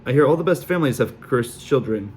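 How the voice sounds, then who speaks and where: A man's voice: mid-range voice, expressive, quick pace, a little mellow, a little hiss or hum, close to an everyday voice. A man voicing a tipsy, mocking nobleman who bellows and chortles.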